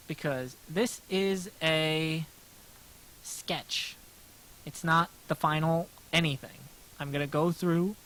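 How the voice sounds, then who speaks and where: Over a rough recording with a little hiss or hum, a man with a sharp-toned, rather high voice streams himself sketching. He chats casually, wandering off topic with lots of self-deprecation and restarts.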